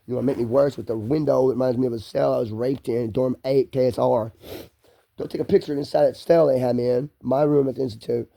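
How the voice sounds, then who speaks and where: A man's voice: medium pitch, gravelly. A man delivering a heated, profane rant to the camera, repeating himself as he vents.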